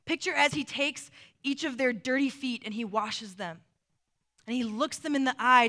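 A woman preaching a sermon, earnest, dropping soft and slow when she quotes scripture. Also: high-pitched.

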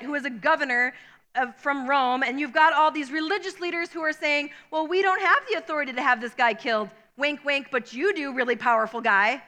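A woman's voice: high-pitched, bright, forceful tone, big-room sound. A woman preaching a sermon, reading scripture aloud and then commenting on it in a conversational way.

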